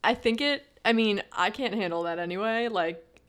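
A pregnant young woman co-hosts a podcast, chatting casually with lots of fillers and restarts. Her mid-range voice has a fairly bright tone and moves at a normal speed.

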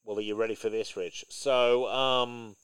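A man's voice: on the low side, steady tone, a little slow, fairly bright tone, clear, resonant tone, no room sound, poor audio. A man co-hosting a podcast in casual chat, opinionated and swearing now and then. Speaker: podcast co-host.

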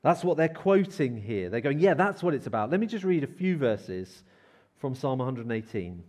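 A man preaching a sermon in church, lively and acting out crowd shouts as he reads and explains scripture. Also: medium pitch, moderate pace. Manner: animated, acts out crowd shouts.

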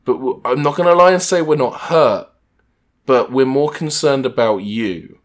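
A man co-hosting a podcast, chatting casually about a movie with animated, jokey, wry asides. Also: medium pitch, moderate pace. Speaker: podcast co-host. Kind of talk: casual comedic movie-review chat.

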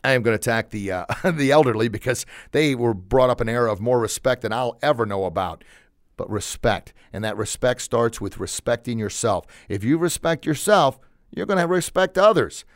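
A man's voice: medium pitch, expressive, normal speed, no room sound, studio quality. A man hosting a show, giving a motivational talk in an emphatic coaching tone and repeating phrases for emphasis. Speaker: podcast host.

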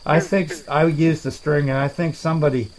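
A man's voice: fairly high pitch, fairly even intonation, close to an everyday voice, rough recording. A man as a rambling swamp alligator. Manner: rambling, halting, self-deprecating. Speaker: main character of a comedy podcast. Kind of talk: improvised comedy dialogue.

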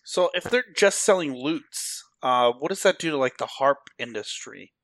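A man's voice: medium pitch, animated, moderate pace, a bit bright, no echo. A man playing a tabletop game, joking and wisecracking with the table. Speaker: player. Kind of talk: casual tabletop game play.

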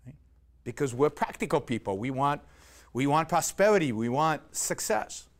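A man's voice: a little high, lively intonation, normal speed. A man giving an argumentative lecture, emphatic and sarcastic, peppering his points with rhetorical questions and "right?".

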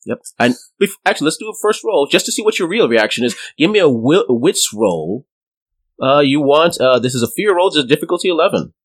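Guy gm narrating a tabletop game, chill, pitch jumps around a lot. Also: very animated, poor audio. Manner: casual, halting, chuckling. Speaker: game master.

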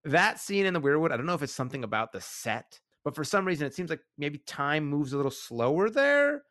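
A man's voice: on the high side, sing-song, fairly quick, a bit bright, dry recording, clean studio sound. A man in casual chat recapping a TV episode, rambling and enthusiastic with lots of fillers.

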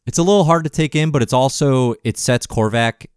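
A man's voice: mid-range voice, fairly quick, darkish tone, smooth, no echo, clean studio sound. A man co-hosting a casual comic-book podcast, easygoing and joking. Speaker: podcast co-host. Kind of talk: casual chat.

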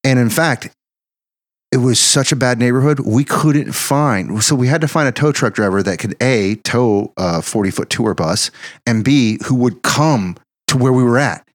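A man in casual conversation, telling a profane, animated story from his band's touring days. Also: medium pitch, normal speed, no echo, clean studio sound. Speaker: band member telling tour stories.

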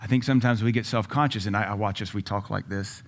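Lower-voiced male pastor preaching. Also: steady tone, fast talker. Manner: conversational preaching with sudden emphatic rises and asides. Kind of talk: sermon.

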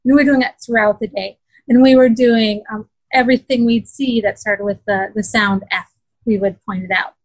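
A woman's voice: a little high, steady tone, normal speed, dry recording, poor audio. A woman in a casual interview, earnestly telling how her daughter struggled, with many fillers and restarts. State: close to tears. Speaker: parent describing her daughter's learning.

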